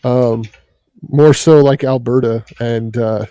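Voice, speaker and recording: A male host with a mellow, dark tone talks slowly in a dry, close sound. He keeps it laid-back and joking, pausing on ums as he thinks. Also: mid-range voice, steady tone, clean tone, dry recording. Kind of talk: casual interview chat.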